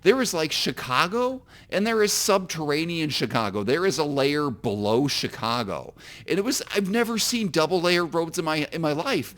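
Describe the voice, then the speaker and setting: A man's voice: on the high side, lively intonation, moderate pace, fairly bright tone. A man from Illinois, an author co-hosting a casual podcast, who tells rambling, self-deprecating stories. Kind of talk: casual comedic podcast storytelling.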